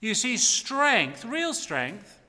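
A man's voice: high-pitched, wildly swooping pitch, extremely slow, pushed and bright. An older man preaching an emphatic, impassioned sermon from the front of a church. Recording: long hall reverb.

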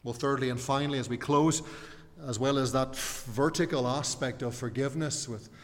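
A man delivers a sermon in an earnest, explanatory way, pausing to put questions to the congregation. His voice sits at an ordinary middle pitch. It rings with the long reverb of a church hall. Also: fairly even intonation. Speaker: preacher.

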